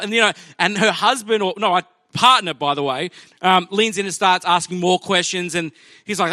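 Bright-voiced male preacher. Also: high voice, fairly quick, no room sound, studio quality. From Australia. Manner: chatty anecdotal preaching with quoted voices. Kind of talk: sermon with personal storytelling. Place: church.

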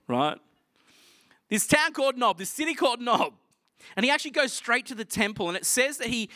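A man preaching a sermon, retelling scripture in a casual, animated storytelling way. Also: sits high, dry recording, clean studio sound.

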